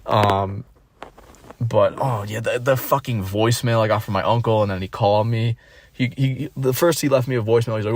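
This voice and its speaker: A man's voice: fairly low pitch, fairly even intonation, fairly quick. A young man in his twenties ranting casually, profane and rambling, full of bitter complaints and restarts. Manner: bitter and aggrieved. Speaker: streamer. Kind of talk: casual rant.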